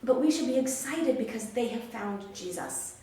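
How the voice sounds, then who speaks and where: A woman telling a Bible story to children in an animated way, acting out the characters' lines. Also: fairly high pitch, moderate pace, far from the mic. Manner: animated, acts out characters' quotes. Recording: very echoey room, faint background noise.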